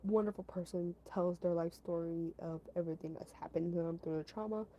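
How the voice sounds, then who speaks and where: A young woman telling a casual storytime monologue to her viewers, emphatic and animated, with frequent restarts and acted quotes. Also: on the low side, a little fast, a little hiss or hum, rough recording. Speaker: content creator.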